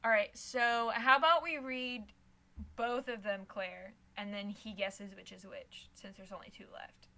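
A woman's voice: medium pitch, steady tone, measured pace, sharp tone. A woman co-hosting a podcast in casual chat, playful and teasing with her guests. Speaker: podcast co-host.

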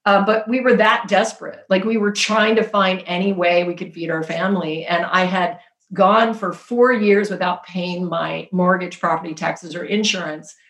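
A woman in casual conversation, telling her story in an earnest, animated way with spiritual talk. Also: fairly low pitch, moderate pace, reverberant. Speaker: podcast guest. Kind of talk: casual chat.

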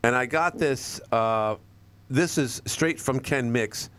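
A man hosting a talk radio show, chatting casually with callers in an animated, rambling way with frequent restarts. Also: medium pitch, slow, smooth. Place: radio studio. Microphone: studio microphone.

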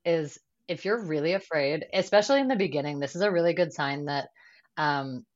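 Woman guest, very low pitch, chatty and full of fillers, slightly dull lo-fi sound. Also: fairly quick. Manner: chatty, lots of fillers and quoted asides. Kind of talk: casual podcast chat.

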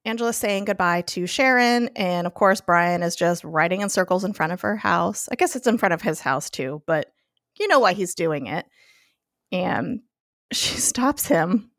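A woman's voice: on the low side, lively intonation, moderate pace, fairly bright tone, no echo, clean studio sound. A woman guest on a podcast, casually recapping a TV episode, chatty and laughing often as she acts out what the characters say.

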